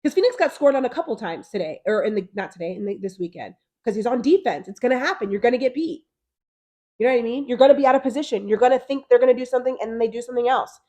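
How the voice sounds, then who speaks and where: A fairly high-voiced woman in her thirties co-hosting a casual podcast. She talks animatedly and jumps into quick impressions of the people she's talking about. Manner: animated, talks fast and acts out quotes. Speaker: podcast co-host. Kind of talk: casual chat.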